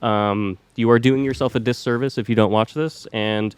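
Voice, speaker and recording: A young man co-hosts a podcast, chatting casually in a laid-back way and rambling with plenty of fillers. His voice is medium-pitched, steady, and smooth, at a normal speed with no room sound.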